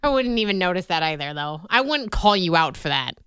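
A woman's voice: lowish voice, very animated, brisk, fairly bright tone, smooth, no room sound, studio quality. A woman co-hosting a radio show, chatting casually with lots of giggles and playful teasing. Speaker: radio co-host.

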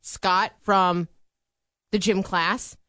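A young adult woman co-hosting a radio show, telling stories in a casual, animated way and laughing often. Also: medium pitch, drawn-out words, dry recording, clean studio sound. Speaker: radio co-host.

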